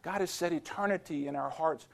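A man's voice: a little high, fairly quick, vocal fry. A man preaching a sermon to students, telling stories and rising to emphatic exclamations.

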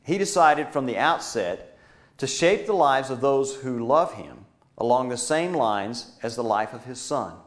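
An earnest male preacher delivering a sermon to his congregation. He pushes some lines with force and lets others sink to a hushed, intimate murmur. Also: mid-range voice, expressive, a little slow. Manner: earnest, swings from emphatic to hushed.

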